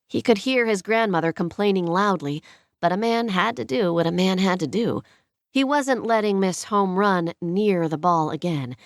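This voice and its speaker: Woman narrator, lowish voice, dry close recording, even storytelling. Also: no room sound. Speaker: audiobook narrator. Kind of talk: scripted narration.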